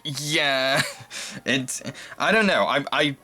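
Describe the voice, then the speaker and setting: A man's voice: mid-range voice, very slow, pushed and bright, faint music behind. Giggly man reviewing a film. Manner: giggly, rambling. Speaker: movie review host. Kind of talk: casual chat.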